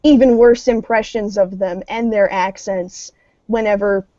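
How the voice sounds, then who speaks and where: Woman co-host, rambling and sarcastic in casual chat, mellow tone, dry lo-fi sound. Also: mid-range voice, steady tone, measured pace, no echo. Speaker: podcast co-host.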